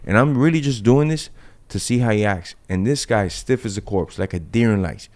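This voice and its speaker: Gravelly brash man telling fight stories. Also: low-pitched, fairly quick, hardly any pauses. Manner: brash, profane, animated storytelling. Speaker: guest fighter. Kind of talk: casual podcast storytelling.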